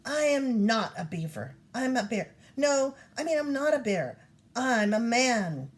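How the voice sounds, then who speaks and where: A woman's voice: medium pitch, very animated, moderate pace, close to an everyday voice. A woman voicing a hotheaded young man turned into a bear, speaking in an insistent, raised voice for a storybook. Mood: indignant. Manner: shouting, insistent.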